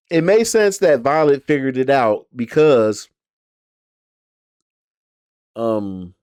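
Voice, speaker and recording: A show reviewer talks casually about something he watched, reacting to it in a rambling way full of fillers and restarts. His voice is fairly high with a darkish tone, recorded cleanly in studio quality without echo.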